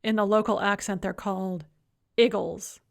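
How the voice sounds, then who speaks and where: A woman's voice: mid-range voice, steady tone, normal speed, vocal fry, natural voice. Woman voicing a polite, dry young man. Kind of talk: audiobook character voice.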